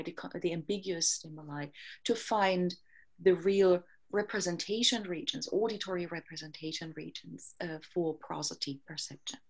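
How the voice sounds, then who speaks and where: A woman researcher giving an academic conference talk, explaining her lab's studies in a measured way with frequent fillers. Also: lowish voice. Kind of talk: academic lecture.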